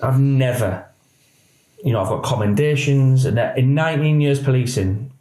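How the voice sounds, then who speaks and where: Man, middle-aged, podcast guest, animated storytelling, mid pitch, echoey room. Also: moderate pace. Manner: animated storyteller, acts out quoted voices. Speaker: police officer guest. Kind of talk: candid podcast interview.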